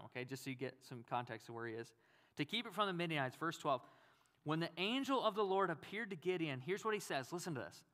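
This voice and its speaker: A man's voice: fairly high pitch, fairly bright tone. A male pastor giving a conversational sermon, acting out quotes and asking the audience questions.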